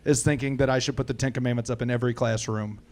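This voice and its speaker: A man from Missouri telling a rambling, animated story on stage, swearing freely as a comedy co-host in a live Q&A. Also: medium pitch, fast talker.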